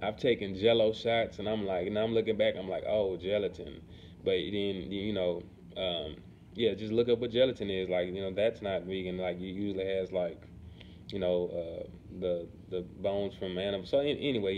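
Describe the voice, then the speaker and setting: A man chatting casually to camera in a relaxed, rambling way, often asking "you know what I'm saying". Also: low voice. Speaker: vlogger. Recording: dull lo-fi sound with faint background noise.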